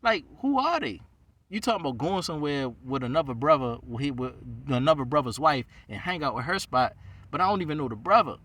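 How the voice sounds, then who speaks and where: A man's voice: on the high side, sing-song, fairly quick, bright, forceful tone, recorded from a distance. A man who is a rabbi, venting in a heated, profane monologue. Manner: heated, ranting, heavy swearing.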